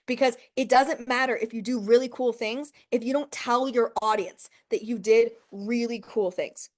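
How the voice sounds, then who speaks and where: A woman's voice: on the high side, normal speed. Fiery, foul-mouthed woman coaching. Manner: profane, emphatic, talks straight to the viewer; rhetorical questions and frequent "okay" and "right". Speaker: business coach. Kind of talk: motivational coaching talk to an audience.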